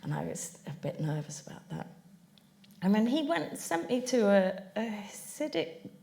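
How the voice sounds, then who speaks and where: A woman's voice: medium pitch, big pitch swings, moderate pace, vocal fry, mellow. A woman on a panel, telling anecdotes and laughing often as she talks. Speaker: panel guest. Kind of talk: anecdotal storytelling on stage. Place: public venue.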